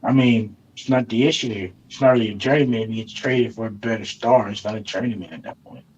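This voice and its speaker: A man co-hosting a casual sports debate, argumentative and teasing, a little hoarse from arguing. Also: on the low side, fast, darkish tone, muffled recording. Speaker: show co-host.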